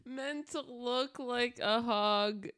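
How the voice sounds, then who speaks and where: A woman's voice: a little high, drawn-out words, fairly bright tone, no room sound, clean studio sound. A young woman co-hosting a podcast in casual chat, giggling and asking puzzled questions. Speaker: podcast co-host.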